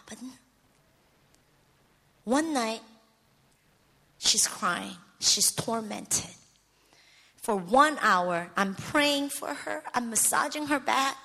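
Woman preacher, middle-aged, high bright voice, emotional testimony with hushed-to-shouting swings, long hall reverb. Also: expressive, extremely slow, pauses often. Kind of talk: sermon testimony.

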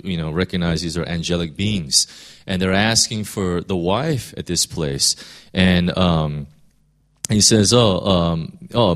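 A pastor delivers a casual, conversational sermon, often using fillers, restarting sentences, and putting rhetorical questions to his listeners. His voice sits fairly low in pitch with a fairly bright tone.

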